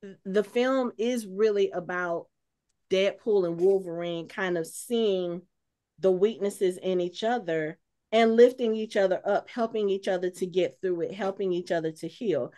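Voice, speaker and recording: A woman co-hosting a podcast at a middle pitch, talking casually and working her thoughts out as she goes. She restarts her sentences often and fills the gaps with "um" and "you know". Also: unhurried, warm tone. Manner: thinks aloud, with many filler words and restarts. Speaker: podcast co-host. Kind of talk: casual chat.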